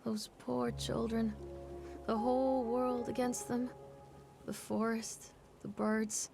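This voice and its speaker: A woman's voice: on the high side, little pitch movement, slow, creaky. A woman voicing a game character, a mother remembering her son in a wistful, reflective inner monologue. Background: game music.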